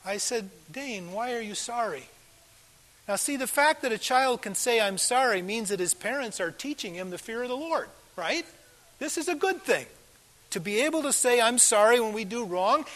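An older pastor delivering a sermon in a fairly high voice. He talks earnestly, swelling into loud emphatic lines and then sinking to near-hushed asides. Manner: earnest, swings between loud emphasis and soft quiet asides.

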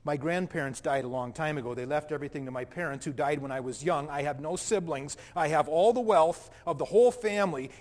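A man acting out a proud, indignant wealthy young man in a dramatic first-person monologue, with animated, defensive delivery and a long hall reverb. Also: high-pitched. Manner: animated, defensive, self-righteous.

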